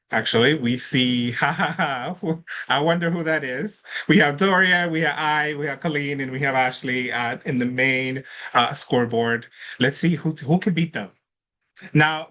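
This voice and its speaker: A man's voice: mid-range voice, pushed and bright. A man hosting an online trivia quiz, upbeat and chatty, laughing often as he reads out questions and scores. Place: online event with participants in chat.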